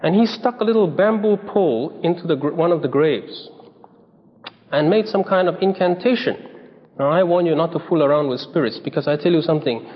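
A man's voice: fairly high pitch, a little fast. A man preaching a sermon, telling stories and acting out the people he quotes with emphasis. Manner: storytelling, acts out quoted voices, emphatic. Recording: dull lo-fi sound in a reverberant hall.

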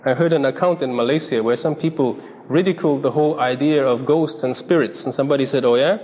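A man's voice: medium pitch, fast talker, slight background noise. A man preaching a sermon, telling stories and acting out the people he quotes with emphasis. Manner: storytelling, acts out quoted voices, emphatic. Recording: dull lo-fi sound in a reverberant hall.

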